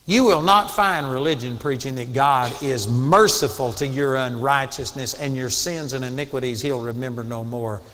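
A man's voice: mid-range voice, moderate pace, hardly any pauses. Earnest man preaching in a reverberant hall. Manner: earnest, emphatic teaching with swings from soft storytelling to raised exhortation. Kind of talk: sermon.

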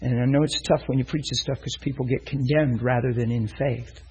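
A man's voice: medium pitch, fairly even intonation, fairly quick, darkish tone, breathy edge, rough recording. A man preaching a sermon, telling a story and acting out the voices of the people in it. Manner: storytelling, acts out voices in quotes.

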